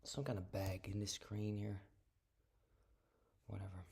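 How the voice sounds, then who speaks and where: A man's voice: fairly low pitch, little pitch movement, unhurried, gravelly, darkish tone, slightly rough. A man ranting on a live stream in a casual, profane and dismissive way, rambling and restarting his sentences, talking into an earphone mic.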